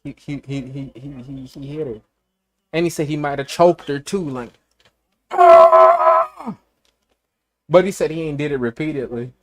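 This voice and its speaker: A man's voice: on the high side, fairly quick, darkish tone. Male streamer from Chicago, casual, profane, blunt storyteller. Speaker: livestreamer. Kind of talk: casual livestream chat.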